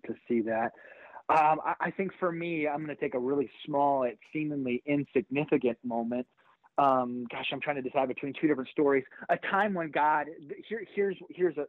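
A middle-aged man, a pastor and author, telling a personal story in an interview with animated energy, acting out the voices of the people in it. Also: mid-range voice, fairly quick, no room sound. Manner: animated, acts out quoted voices. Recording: tinny phone-like line.

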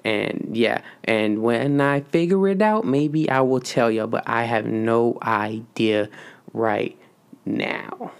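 Man, casual slangy movie talk, swears a lot, rambling, smooth resonant voice, mid pitch. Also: slow pace. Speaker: solo vlogger.

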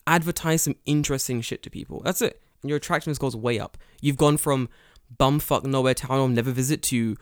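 A man's voice: mid-range voice, fairly quick, clear, resonant tone, dry recording, studio quality. A man co-hosting a podcast, ranting casually and swearing a lot. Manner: profane, animated ranting. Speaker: podcast co-host.

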